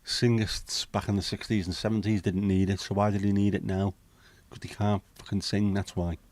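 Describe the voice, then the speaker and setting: A man's voice: lowish voice, flat delivery, normal speed, a little mellow, dry recording. A middle-aged man hosting a casual livestream chat, reading out viewer comments and answering them bluntly, swearing freely. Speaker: livestream host.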